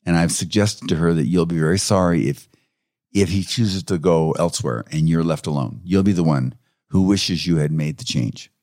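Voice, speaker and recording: A man with a deep, low voice works as a counselor and recounts client stories in a relaxed, conversational style. He talks with animation and chuckles between points. The sound is dry and close, with no room echo. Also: moderate pace. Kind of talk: conversational interview storytelling.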